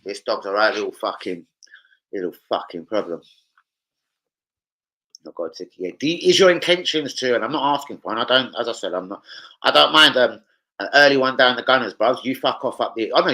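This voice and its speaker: With lively intonation and a brisk pace, a young man with a London accent hosts a relaxed livestream from home, reading viewer comments and swearing freely as he trades laddish banter. His medium-pitched voice sounds pushed and bright, and the audio is poor.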